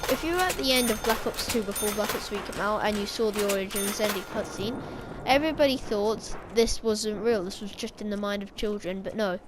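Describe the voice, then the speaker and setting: A woman's voice: mid-range voice, fairly quick, background noise. A woman talking casually about game lore, rambling and correcting herself as she speculates. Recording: game gunfire playing behind.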